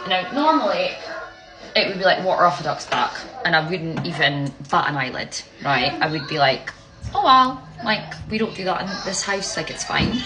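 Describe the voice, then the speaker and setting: A woman's voice: low voice, poor audio. A young woman talking candidly to camera as a parent, frank and swearing freely, often checking in with "right?". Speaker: parent vlogger. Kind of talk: candid emotional vlog to camera. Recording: music playing behind the voice.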